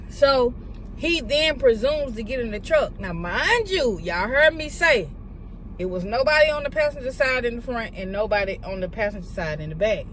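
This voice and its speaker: A woman telling a story to her viewers, retelling a confrontation in an animated, profane way with heated quoted dialogue. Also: on the high side, normal speed, a little hiss or hum. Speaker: vlogger. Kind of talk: storytime vlog.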